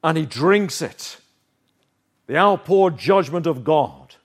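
A man preaching a sermon, earnest and emphatic, slowing down to stress key phrases. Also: fairly high pitch, expressive, slightly rough.

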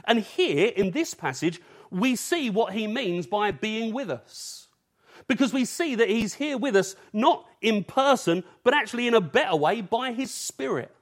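A man's voice: sits high, expressive, measured pace. A man from England preaching an evening sermon in an earnest, urgent way, using rhetorical questions.

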